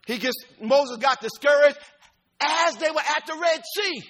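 Preaching in a folksy, informal style, this male pastor moves from loud, climbing shouts down to soft, hushed speech. He keeps a measured pace throughout.

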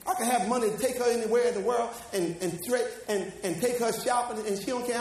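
A pastor preaching a sermon, building to shouts and calling the congregation to read along. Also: male voice, very high-pitched, fast talker, few pauses. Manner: preaching with rising shouts and call-and-response. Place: church. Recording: echoey church hall from far off.

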